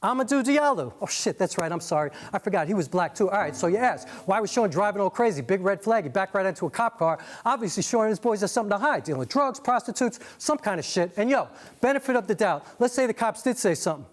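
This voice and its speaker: A man's voice: high voice, lively intonation, fast, hardly any pauses. A man performing rhythmic spoken-word poetry as narrator, intense and profane, with repeated refrains.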